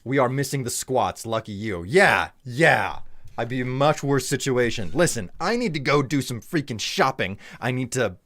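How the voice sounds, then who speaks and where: A man's voice: mid-range voice, expressive, normal speed, fairly bright tone. A man streaming a game live, exasperated and swearing, teasing his chat.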